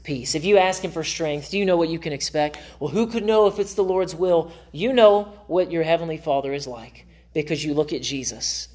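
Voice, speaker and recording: A man's voice: on the high side, brisk, hardly any pauses, a little mellow. A man pastor preaching a sermon in a church, earnest and conversational. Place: church sanctuary.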